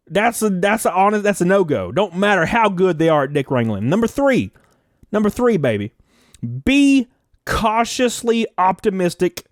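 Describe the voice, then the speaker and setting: A man's voice: high-pitched, no echo, studio quality. A young man telling relationship stories in a casual, profane and jokey way on a live stream. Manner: animated, profane, jokey storytelling. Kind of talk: casual storytelling to camera.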